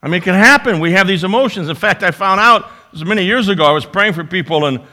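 A man preaching a sermon, swinging between loud emphasis and quiet asides. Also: sits high, animated, fast. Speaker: pastor.

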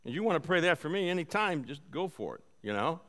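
A man preaching a conversational sermon, telling a personal story and moving between soft, quiet stretches and loud, animated bursts. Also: fairly high pitch, quick pace. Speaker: pastor. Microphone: live-streamed service.

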